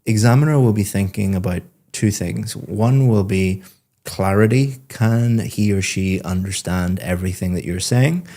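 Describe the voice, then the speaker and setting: A man acting as a speaking-test examiner, asking questions and then giving a student measured, encouraging feedback. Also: on the low side, dark tone. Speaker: IELTS examiner and teacher. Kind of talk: exam questions and spoken feedback.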